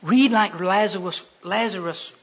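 A man preaching a sermon as a storyteller, swinging between loud emphasis and hushed delivery. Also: sits high, measured pace, vocal fry, slightly rough. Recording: dull lo-fi recording.

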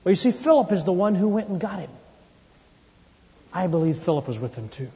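Animated, high-voiced male preacher. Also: fairly quick. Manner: animated, folksy storytelling that acts out quotes. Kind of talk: sermon. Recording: dull lo-fi sound with long hall reverb.

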